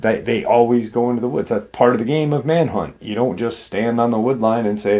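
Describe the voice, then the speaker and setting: A man's voice: mid-range voice, brisk, hardly any pauses, mellow. A man hosting a show, casually retelling someone's frightening story in a loose, conversational way with many fillers. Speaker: host and storyteller. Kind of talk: casual storytelling of a retold encounter.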